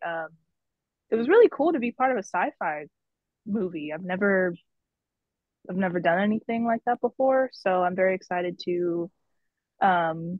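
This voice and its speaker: A woman, a small-part actress, talking in a giggly, excited way on a video call. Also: mid-range voice, no room sound. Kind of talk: casual video call chat. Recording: dull, dry video call audio.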